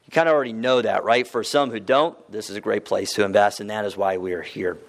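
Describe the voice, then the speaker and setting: A real estate investment speaker with a lowish voice talks fast in a casual, conversational presentation to a live audience. He frequently asks the crowd questions and leans on fillers.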